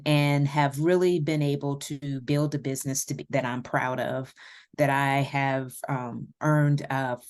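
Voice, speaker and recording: This is a woman with a Southern American accent and a notably low voice. She talks as an interview guest, reflective and unhurried, with um's and quiet laughs between her thoughts. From Virginia, USA. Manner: warm and reflective, with light laughs and fillers. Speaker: podcast guest. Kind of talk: casual interview conversation.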